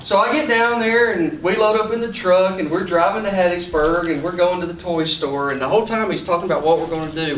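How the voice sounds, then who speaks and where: A man telling a folksy story as a sales trainer to an audience, animated, with many restarts. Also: high voice, fairly quick, few pauses, a little hiss or hum. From Mississippi, USA. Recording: echoey room from a distance.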